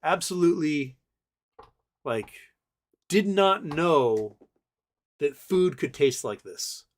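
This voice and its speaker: A man's voice: a little high, animated, slow pace. A man in his forties hosting a casual livestream, telling stories in a rambling way with many fillers. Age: 40s. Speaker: livestream host.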